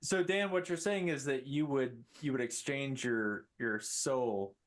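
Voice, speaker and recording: A man's voice: mid-range voice, measured pace. Wry male podcast guest. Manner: wry, deadpan humor. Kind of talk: casual chat.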